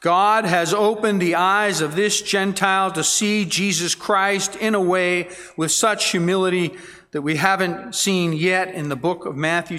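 A man's voice: high voice, bright, forceful tone, in a large hall. A man preaching an expository sermon, reading scripture aloud and stressing key words earnestly. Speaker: pastor.

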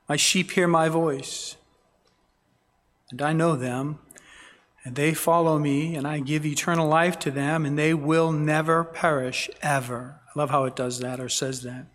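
A man preaches a sermon with earnest emphasis, reading verses aloud and dwelling on key words. His voice sits somewhat high for a man. It rings out with a long reverb through a church sanctuary. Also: steady tone, measured pace, fairly bright tone. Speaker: pastor. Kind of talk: expository sermon.

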